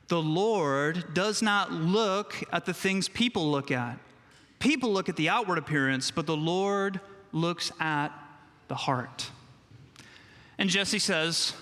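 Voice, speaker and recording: Bright-voiced pastor in a reverberant church. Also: male voice, high voice, expressive. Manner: slow, emphatic, leads call-and-response. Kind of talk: children's sermon. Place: church sanctuary.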